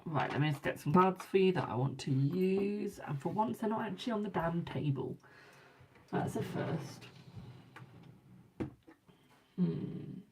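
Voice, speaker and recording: Low gravelly-voiced British woman reading tarot. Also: fairly quick, hardly any pauses, a little mellow, a little hiss or hum. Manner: chatty, calls viewers darling and boo. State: yawning, a bit tired. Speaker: tarot card reader hosting a live stream. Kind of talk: casual live-stream chat and readings.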